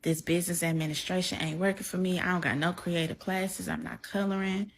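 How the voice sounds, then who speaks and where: A woman's voice: lowish voice, steady tone, a little fast, slight background noise. A young woman talking heartfelt to her camera in a vlog, close to tears. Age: young adult. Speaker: content creator. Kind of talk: emotional reaction vlog. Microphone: camera mic, facing camera.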